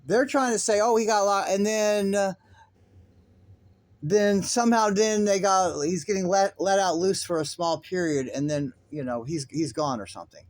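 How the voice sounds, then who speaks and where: A man hosting his own online commentary, talking in an agitated, halting way with many restarts and swearing. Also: high voice, dry recording. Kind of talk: rambling religious commentary.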